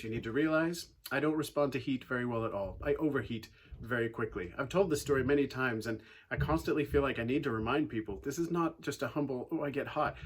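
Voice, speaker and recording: A man giving a casual youth talk, retelling a Bible story as an animated storyteller with playful sarcastic asides. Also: medium pitch, a little hiss or hum. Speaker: youth ministry speaker.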